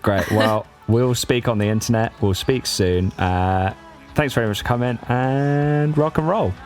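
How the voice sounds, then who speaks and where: A man's voice: mid-range voice, unhurried, a little mellow, faint music behind. A man hosting a podcast, chatting in a laid-back, easygoing way over a video call. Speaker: podcast host. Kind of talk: casual interview chat.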